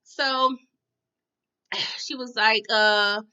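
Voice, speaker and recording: Sassy lady recapping a show, bright forceful voice, kinda muffled lo-fi audio. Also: a little high, steady tone, drawn-out words, clear, resonant tone. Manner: chatty, full of "you know" and "okay?" tags; sassy slangy asides. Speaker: TV recap reviewer. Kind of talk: casual recap chat. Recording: dull lo-fi sound.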